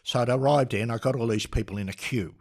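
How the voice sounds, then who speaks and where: A man's voice: mid-range voice, quick pace, gravelly. An older Australian man, a podcast guest, telling a story with energy, laughing and restarting often. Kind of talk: animated storytelling.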